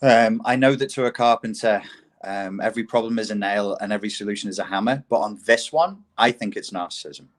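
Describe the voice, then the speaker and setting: A man's voice: on the low side, a little fast. A man in casual conversation, blunt and profane, mocking opinions he disagrees with.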